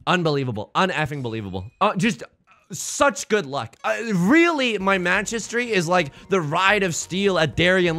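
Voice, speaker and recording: A let's play host narrates his own gameplay at a moderate pace, cracking jokes and thinking aloud about each move. His bright, very lively voice swings widely in pitch and sounds excitable, with faint music underneath.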